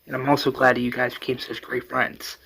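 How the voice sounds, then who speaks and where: A man's voice: medium pitch, flat delivery, brisk, creaky, a bit bright. A man doing a friendly young woman.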